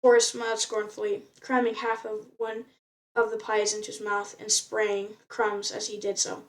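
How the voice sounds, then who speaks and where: A woman's voice: mid-range voice, completely flat delivery, normal speed, far from the mic. A woman reading a novel aloud in an unpolished way, often stumbling and restarting words. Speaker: reader.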